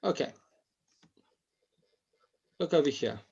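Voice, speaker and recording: A man's voice: on the high side, lively intonation, slow pace, vocal fry, darkish tone, husky, dull audio. A man teaching a Torah class online, acting out examples and often restarting his sentences.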